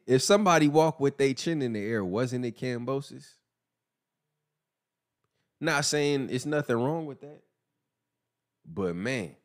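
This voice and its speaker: A man hosting a casual boxing commentary podcast, animated and mocking, who laughs often. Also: medium pitch. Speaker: podcast host.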